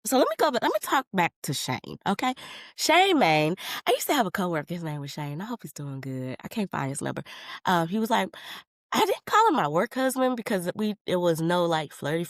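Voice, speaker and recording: A woman hosting a solo podcast, rambling in a casual, animated way and speaking. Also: fairly low pitch, brisk, dry recording, studio quality. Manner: chatty and rambling, animated, with laughs and slang. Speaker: podcast host.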